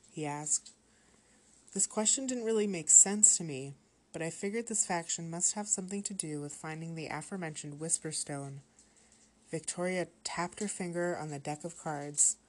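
A woman with a notably low voice reads a horror story aloud, calm and steady. Her narration is measured and even as she carries the listener through the tale.

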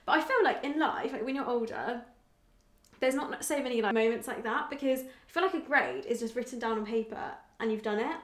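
Woman, 20s, podcast host, fast, enthusiastic, slightly high voice, roomy echo. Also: fairly bright tone. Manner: chatty, enthusiastic, lots of "like". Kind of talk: casual chat. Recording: echoey room.

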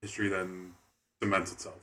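A man co-hosting a casual podcast chat, explaining points in a measured way. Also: deep voice, completely flat delivery, bright, forceful tone.

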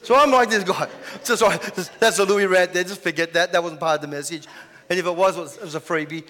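A man's voice: high voice, fast talker, pushed and bright. A man preaching a sermon as pastor, chatty, with lots of rhetorical questions. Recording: echoey hall.

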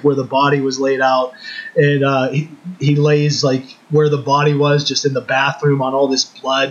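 Laid-back man on muffled audio. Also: mid-range voice. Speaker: podcast co-host. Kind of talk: casual chat. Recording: muffled lo-fi recording.

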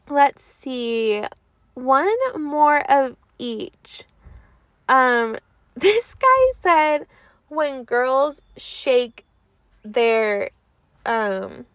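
A woman's voice: fairly high pitch, a bit bright, no echo. A young woman in her twenties hosting a podcast, chatting casually and animatedly, with lots of "like" and unfinished thoughts. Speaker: podcast host. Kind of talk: casual chat.

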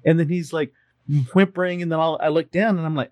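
A man's voice: fairly high pitch, quick pace, dry recording. A man telling a story in a casual chat with friends, laughing often and acting out the voices of the people in it. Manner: animated, laughs often, acts out voices in his stories. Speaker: participant sharing a story.

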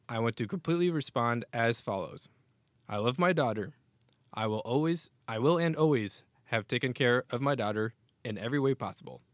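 A man's voice: medium pitch, no room sound. A man hosting a casual hockey news podcast, reading statements aloud with offhand asides. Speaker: podcast host.

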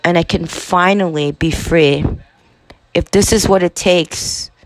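A young woman in her twenties hosts a podcast, telling a personal story in a halting, profane confessional monologue. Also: on the low side, no room sound. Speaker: podcast host.

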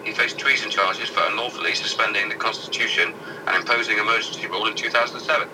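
A man reads news headlines aloud during casual banter, swearing freely and tripping over the harder words. He sits well back from the microphone, and loud background noise runs under everything he says. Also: lowish voice, steady tone, fast, far from the mic. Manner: irreverent, sweary, stumbles while reading aloud. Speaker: co-host reading out news headlines.

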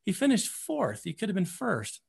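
A man, a running coach, telling stories as a podcast guest in an animated way, often repeating words as he gets excited. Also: sits high, normal speed, gravelly, slightly rough. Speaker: running coach and program founder.

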